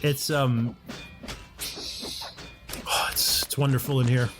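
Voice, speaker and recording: Over music, a man with a medium-pitched, fairly even voice speaks slowly as he plays a game at home in his condo. As a let's play host, he keeps up casual, chatty commentary, often talking to himself and to his game characters.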